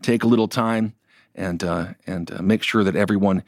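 A man's voice: fairly low pitch, normal speed, dry recording, studio quality. A man co-hosting a political news show, giving casual, sardonic commentary with frequent jokes. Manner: sardonic, animated, laughs often.

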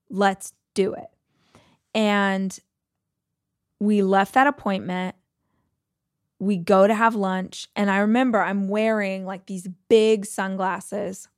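A woman's voice: medium pitch, no echo, studio quality. A woman hosting a podcast, telling a personal story in a conversational, emotional way with many fillers. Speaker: podcast host.

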